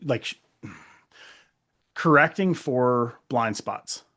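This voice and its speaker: A man co-hosting a podcast in casual chat, animated, laughing often and acting out remarks. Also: mid-range voice, takes it slowly. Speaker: podcast co-host.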